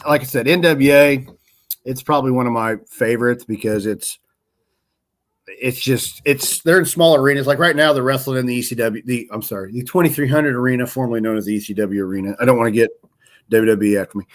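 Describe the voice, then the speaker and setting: A man's voice: medium pitch, brisk. A man co-hosting a laid-back podcast, talking through wrestling results in a loose, rambling way. He often stops to correct himself and backtracks mid-sentence. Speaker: podcast co-host. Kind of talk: casual chat about wrestling.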